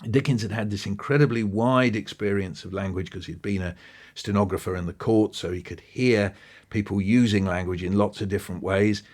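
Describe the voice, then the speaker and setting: A man, an interview guest talking with lively enthusiasm and acting out bits of what he describes. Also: lowish voice, fairly quick. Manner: animated, quoting and acting out passages. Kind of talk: podcast interview.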